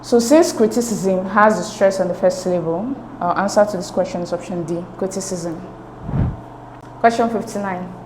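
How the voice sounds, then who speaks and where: A woman's voice: medium pitch, moderate pace, roomy sound, background noise. A woman tutoring an English exam lesson, explaining each answer step by step and checking in with "okay?" as she goes. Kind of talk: recorded exam-prep lesson.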